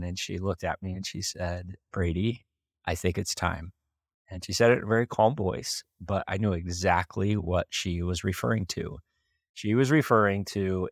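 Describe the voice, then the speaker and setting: A man from Idaho in his thirties, a podcast host telling a heartfelt personal story in an earnest, warm-hearted way. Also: low-pitched, no room sound, clean studio sound. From Idaho, USA. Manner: earnest, heartfelt, with light laughs.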